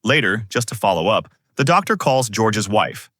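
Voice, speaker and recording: A man telling a string of jokes in a lively, scripted narration. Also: on the low side, normal speed, dry recording, studio quality. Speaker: joke narrator.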